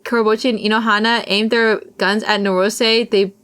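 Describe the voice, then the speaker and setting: A woman's voice: mid-range voice, little pitch movement, moderate pace, a bit bright, smooth. A young woman streamer reading a visual novel aloud, with casual, self-deprecating asides.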